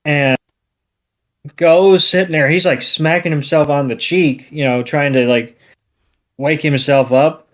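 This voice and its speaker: A man's voice: fairly high pitch, steady tone, a little slow, pauses often. A man co-hosting a podcast, recapping a cartoon in a laid-back way with many fillers. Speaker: podcast co-host. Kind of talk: casual episode recap.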